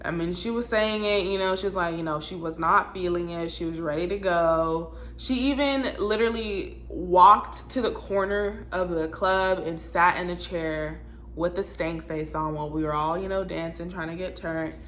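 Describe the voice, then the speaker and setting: A woman telling a storytime vlog in a blunt, animated, exasperated way. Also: on the low side, normal speed, slight background noise. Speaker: vlogger.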